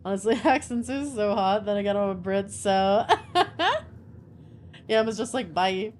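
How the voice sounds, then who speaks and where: A woman's voice: medium pitch, expressive, unhurried. Playful woman streamer, faint hiss. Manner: playful, flirty, talks to chat. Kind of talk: gameplay commentary.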